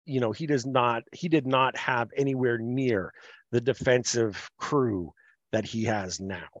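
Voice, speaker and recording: A man hosting a podcast, chatting about sports in a measured way and thinking aloud with fillers. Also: mid-range voice, no room sound. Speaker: podcast host. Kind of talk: casual sports chat. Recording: slightly muffled, dry.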